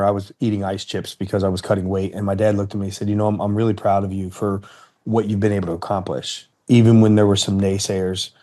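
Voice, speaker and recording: A man in his fifties from Ohio, telling a personal story in an interview in a measured, earnest way. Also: fairly low pitch, dark tone. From Cincinnati, Ohio, United States. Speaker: interview guest, retired fighter.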